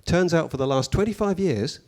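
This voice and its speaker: A male stand-up comedian with a fairly high-pitched voice. He tells his stories in a deadpan, mock-pompous manner and drops dry asides along the way. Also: a little fast.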